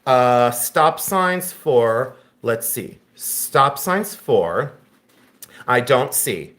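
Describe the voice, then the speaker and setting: A man's voice: mid-range voice, big pitch swings, very slow, a bit bright. A man from Ohio hosting a live-stream auction sale, calling prices and bantering and teasing viewers.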